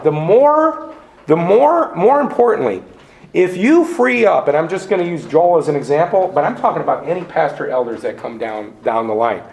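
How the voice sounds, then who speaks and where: A man's voice: on the high side, gravelly. A middle-aged man preaching a sermon in an earnest, emphatic way, often repeating words as he builds a point. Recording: echoey room.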